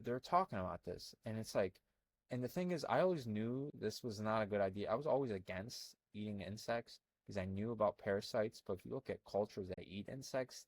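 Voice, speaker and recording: Low-voiced young guy from albania rambling bluntly into a close mic, lots of "i mean" and "like", dry sound. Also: no echo. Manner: rambling, blunt, filler-heavy. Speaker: health coach. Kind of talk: casual monologue.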